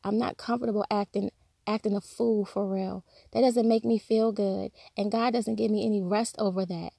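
Woman, devotional talk, candid storytelling, acts out quotes, mid-pitched, dry close sound. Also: fairly even intonation, normal speed, creaky, dark tone, breathy edge, no room sound. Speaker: Christian speaker.

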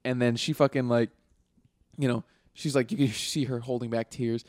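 A man's voice: medium pitch, fairly even intonation, moderate pace, darkish tone, no echo. Chatty young man, dry sound. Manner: loose and profane, many fillers. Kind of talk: casual chat.

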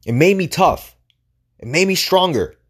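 A podcast host gives a motivational monologue packed with swearing and rhetorical questions, delivered emphatically. His voice is on the high side, expressive and husky, and he keeps a measured pace.

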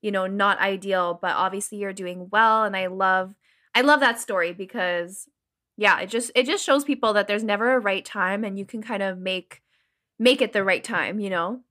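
A woman's voice: mid-range voice, normal speed, pushed and bright. A woman interviewing a guest in an enthusiastic, encouraging way. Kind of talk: interview questions.

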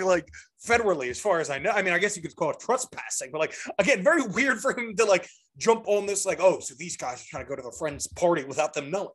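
Young male podcast co-host, somewhat high voice, rambling and animated, casual storyteller. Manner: animated, rambling with many fillers and restarts.

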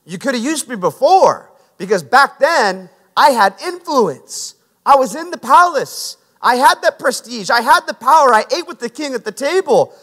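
A man's voice: very high voice, animated, moderate pace, sharp tone, pitched above the performer's own voice, heavily acted. A man voicing an aging exiled man who complains about losing his status and power, in an echoey hall. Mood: self-pitying. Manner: self-pitying, complaining. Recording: echoey hall with long reverb.

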